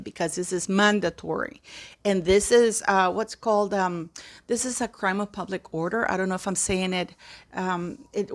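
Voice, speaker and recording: Indignant woman vlogger, emphatic. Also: mid-range voice. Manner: indignant, emphatic, repeats phrases. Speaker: commentary vlogger. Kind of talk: impassioned commentary.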